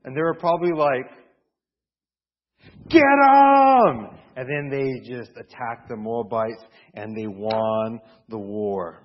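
A man preaching a sermon as a pastor, retelling a story in an animated, playful way. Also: mid-range voice, measured pace, few pauses. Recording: dull lo-fi recording.

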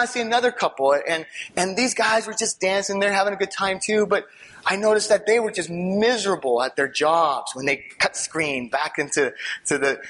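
A man sharing a personal testimony with an audience, storytelling in an animated way, laughing and swinging from hushed asides to excited outbursts. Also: high-pitched.

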